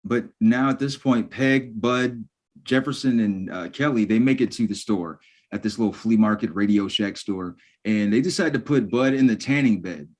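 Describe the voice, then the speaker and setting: Man, podcast co-host, relaxed plot summary, uh and um fillers, lowish voice. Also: normal speed. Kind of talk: casual chat recapping a sitcom episode.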